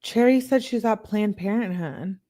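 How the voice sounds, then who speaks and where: A woman hosting a show, reading text messages aloud in a plain, steady way and breaking off for blunt, disbelieving asides to her viewers. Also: mid-range voice, a little slow. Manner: reads chat comments aloud to viewers. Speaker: channel host.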